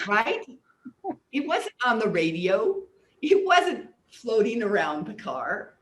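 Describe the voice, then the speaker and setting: In a medium-pitched, sing-song voice, an older woman takes her time as a guest on an interview show. The personal development teacher earnestly walks through ideas and personal stories, repeating words now and then as she remembers. The recording echoes roomily.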